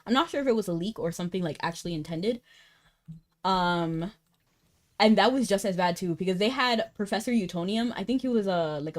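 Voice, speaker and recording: A young woman streaming a game, chatting casually and animatedly, breaking into laughter and incredulous outbursts. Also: mid-range voice. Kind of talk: casual livestream chat while gaming.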